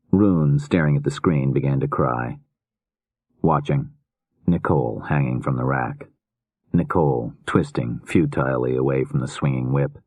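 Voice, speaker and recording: A man narrating a thriller audiobook in a measured, grave manner. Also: a bass voice, darkish tone, no echo.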